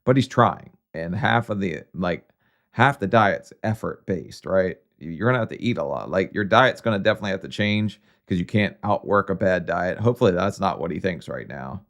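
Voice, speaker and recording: Gravelly, low-voiced male reaction host. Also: lively intonation, moderate pace, fairly bright tone. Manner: blunt, mocking asides. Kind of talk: casual commentary.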